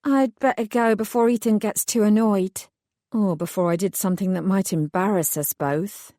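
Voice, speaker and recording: Brief: woman reading a plucky young fairy godmother, mellow and dry, storybook heroine. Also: medium pitch, fairly even intonation, normal speed, no room sound, close to an everyday voice. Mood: reassuring.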